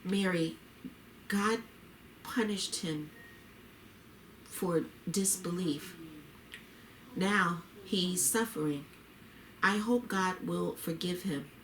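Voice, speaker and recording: A woman reading the lines of a tender, devout expectant wife in a story, gently and heartfelt. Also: on the low side, drawn-out words, pauses often, a little hiss or hum, exaggerated voice. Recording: roomy echo.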